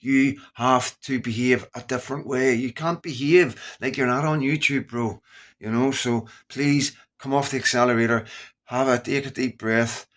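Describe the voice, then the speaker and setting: A man's voice: medium pitch, steady tone, moderate pace, a bit bright. Scottish male vlogger, middle-aged, earnest, rambling direct-to-camera talk. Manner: earnest, rambling, repeats phrases. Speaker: YouTuber. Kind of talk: casual straight-to-camera talk.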